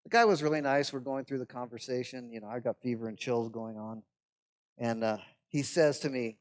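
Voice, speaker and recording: A man's voice: mid-range voice, a little fast. A man, a pastor, lecturing a class on church administration in a conversational way, often checking in with "right?" and adding wry asides.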